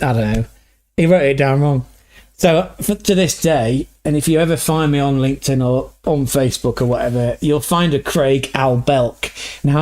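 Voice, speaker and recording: A man's voice: a little high, a little mellow. A man from England hosting a livestream, rambling through stories in a loose, sweary, casual chat. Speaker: livestream host.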